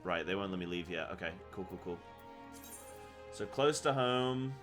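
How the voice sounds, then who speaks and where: Chatty, excitable male game streamer. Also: deep voice, moderate pace, faint music behind. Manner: chatty and excitable, talks to his chat. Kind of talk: casual live game commentary.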